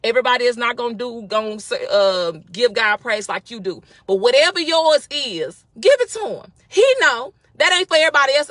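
A woman hosting a casual devotional talk, speaking with excitement and emphatic repetition. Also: on the high side, brisk, hardly any pauses, no echo. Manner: excited, emphatic, with repeated phrases.

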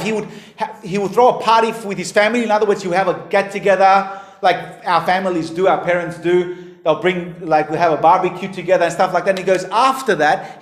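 A man preaching a sermon as pastor, emphatic, his voice rising and falling in pitch and volume. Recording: echoey hall.

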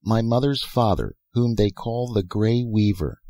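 A man with a deep, husky voice voicing a young otherworldly girl who speaks softly, slowly and carefully, with a playful, teasing manner. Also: no room sound. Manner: soft, slow, careful speech.

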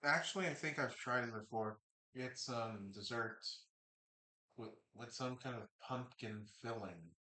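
A man's voice: medium pitch, a little slow, pushed and bright. Chatty man reacting live, roomy echo. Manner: rambling and chatty, eating while talking. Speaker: live sports reaction streamer. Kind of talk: casual live game reaction.

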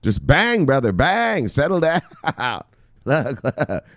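A middle-aged man talking excitedly as a crypto news vlogger, cursing and shouting shout-outs to viewers. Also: medium pitch, slow pace, dry recording, clean studio sound. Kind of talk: casual hyped-up commentary.

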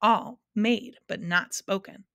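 A woman teacher reading a children's novel aloud in a steady, expressive manner. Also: mid-range voice, takes it slowly, no room sound, clean studio sound.

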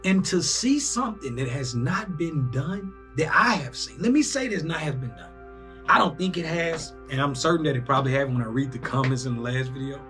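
A young man hosting a casual sports reaction video, animated and breaking into loud bursts as he talks to himself. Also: a little high, fairly quick, faint music behind. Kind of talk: excited casual reaction commentary.

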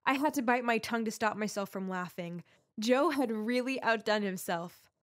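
A woman giving scripted first-person narration of an animated story in a confiding tone. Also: fairly high pitch, normal speed.

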